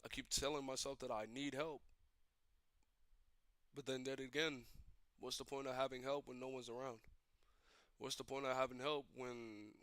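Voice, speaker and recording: A young man in visible emotional distress, ranting alone on a stream in a halting, repetitive, despairing way. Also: mid-range voice, little pitch movement, a bit bright, no room sound. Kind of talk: emotional solo rant.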